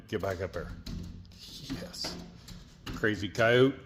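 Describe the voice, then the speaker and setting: A man's voice: deep voice, lively intonation, a little slow, creaky, slight background noise. A man talking casually to his pets and a coyote, coaxing them with short repeated pet talk. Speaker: wildlife video creator.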